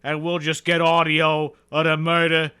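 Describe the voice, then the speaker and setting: A man's voice: on the high side, completely flat delivery, moderate pace, bright, forceful tone, clear, resonant tone. A man co-hosting a casual podcast, reading viewer comments aloud and joking in a dry, sarcastic way. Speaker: podcast co-host. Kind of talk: casual chat.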